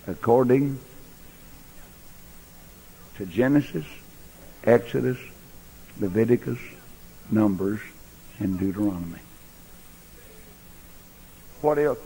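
A man preaching a sermon in a large church, folksy, swinging between loud bursts and quiet asides. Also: medium pitch, slightly rough. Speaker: pastor. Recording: echoey church hall recording.

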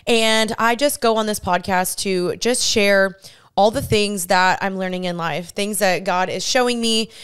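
A woman's voice: medium pitch, a little slow, fairly bright tone, clean tone. A woman in her twenties hosting a casual solo podcast, chatty and bubbly, laughing often. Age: 20s. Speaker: podcast host. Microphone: studio podcast mic, seen on camera.

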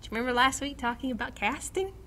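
Animated woman teaching a Bible study. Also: sits high, fast, heavy background noise. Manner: animated, acts out quotes, laughs often, reads scripture aloud.

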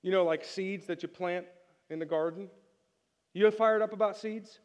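High-voiced pastor preaching in a reverberant hall. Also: male voice, moderate pace. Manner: energetic, joking, calls on the congregation to respond. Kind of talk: sermon. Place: church sanctuary.

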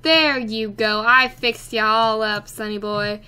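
Bubbly high-voiced woman gamer. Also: fairly even intonation, slow, pushed and bright, smooth. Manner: chatty and playful, talks to her characters. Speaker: let's play gamer. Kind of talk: casual gameplay commentary.

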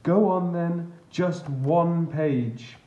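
A woman's voice: fairly low pitch, very slow, dark tone, reverberant, highs cut off. A man doing a worn-out, exasperated mum. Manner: exasperated, sighing. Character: weary mother craving quiet.

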